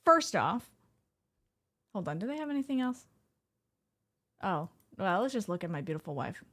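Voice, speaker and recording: Excitable chatty woman streamer. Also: mid-range voice, normal speed. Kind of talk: casual reaction commentary. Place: home room.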